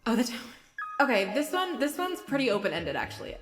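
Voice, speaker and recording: A woman's voice: a little high, very animated, fast talker, reverberant, over music. A woman game master plainly explaining a tabletop game prompt.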